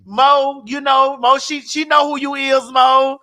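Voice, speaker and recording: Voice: sits high, level tone, a little slow, pushed and bright. A talk show host, brassy and teasing, who keeps calling people honey. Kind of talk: casual chat.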